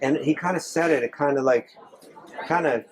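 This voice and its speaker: A man's voice: a little high, moderate pace, breathy edge. A man, a monk, answering audience questions in a temple hall, earnest, with many restarts and repeated phrases. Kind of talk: live Q&A talk.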